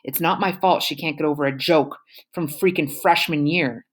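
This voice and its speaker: A woman's voice: low-pitched, normal speed. A woman reading aloud, voicing a snide, defensive teenage girl with a whiny, raised voice. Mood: dismissive.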